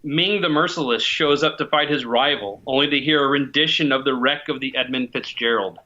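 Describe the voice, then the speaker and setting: A man in his forties reading out trivia questions on a casual podcast in a measured way. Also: mid-range voice, sharp tone, muffled recording.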